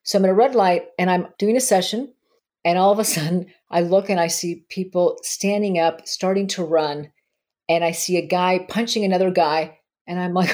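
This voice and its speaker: Lively woman therapist telling stories. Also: lowish voice, moderate pace. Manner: animated, laughs often while telling stories. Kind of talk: podcast conversation, storytelling.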